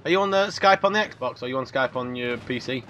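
A man's voice: mid-range voice, animated, fast, fairly bright tone, lo-fi sound, soft background music. A man hosting a casual gameplay video, upbeat and teasing as he chats and comments while playing. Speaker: gaming channel host.

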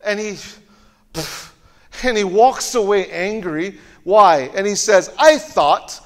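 A male pastor delivering a sermon in a church auditorium, telling the story animatedly and often doubling back on his words. His voice sits high and carries a long hall reverb. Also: slow pace. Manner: animated storytelling with frequent word repeats.

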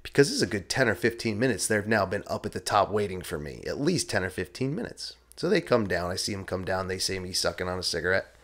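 A man's voice: low voice, big pitch swings, quick pace, fairly bright tone. A man hosting a podcast, telling a story in a casual, rambling, self-deprecating way and swearing freely. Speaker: podcast host. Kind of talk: casual first-person storytelling.

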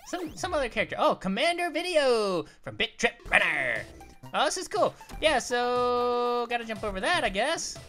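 Here the cartoon grape's voice sits in the mid range at a normal speed, a performer playing the cheerful young male character as a let's play commentator. Over faint music he cracks jokes while gaming and yelps whenever he nearly misses, staying excitable throughout.

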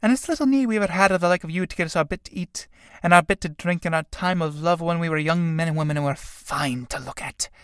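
A man's voice: a little high, fast talker, few pauses, smooth, dry recording, studio quality, natural voice. A man voicing an old tinker woman in a play reading, talking in a soothing, crooning way. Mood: coaxing. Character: old woman tinker, fond of drink, coaxing.

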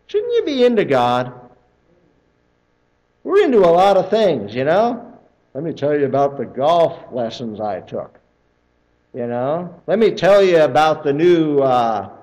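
A male pastor preaching a sermon in a church, conversational and animated, acting out other people's excited voices. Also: a little high, rough recording. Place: church sanctuary.

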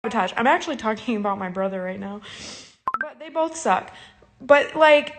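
High-pitched woman crying thru an angry sweary live rant on her phone. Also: lively intonation, normal speed. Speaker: livestreamer.

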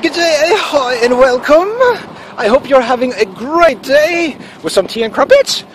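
Comic bit: man doing a high, sing-song, mock-posh Brit, pompous and over the top. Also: animated, measured pace, a bit bright, a little hiss or hum, heavily acted. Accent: put-on British. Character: mock-posh cheery British gentleman.

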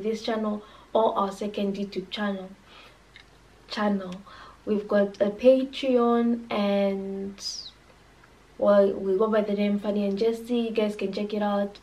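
A woman's voice: medium pitch, warm tone, distant mic, rough recording. A woman hosting a reaction channel, talking to her viewers in a friendly, chatty way. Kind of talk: casual vlog intro.

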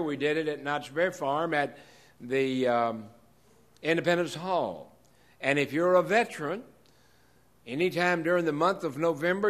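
A man's voice: a little high, fairly bright tone. A man hosting a live show, folksy and direct, giving announcements to the audience in the room. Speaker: host.

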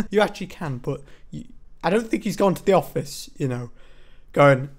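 A young Englishman rants sarcastically through a casual reaction video, his pitch swinging widely as he jumps from loud outbursts to mocking impressions. Faint music hums behind him. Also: animated, normal speed. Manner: sarcastic, exclaims loudly, slips into mocking put-on voices.

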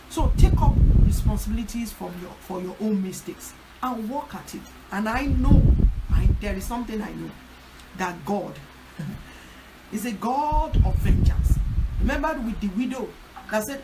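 A woman's voice: medium pitch, animated, normal speed. A woman pastor, urging her listeners in an emphatic, repetitive teaching talk on a prayer line. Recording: loud background noise.

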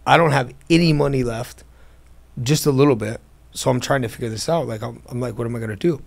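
A man's voice: mid-range voice, quick pace, creaky. A man telling his business story in a casual interview, acting out the voices of people in it, recorded in an airplane hangar. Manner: animated, acts out quoted dialogue.

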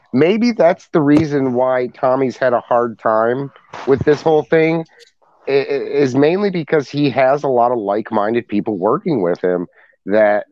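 A man's voice: mid-range voice, a little mellow, dry recording. Rambling man on a dull, dry mic. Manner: rambling, restarts, repeats words. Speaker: podcast co-host. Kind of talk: casual opinion chat.

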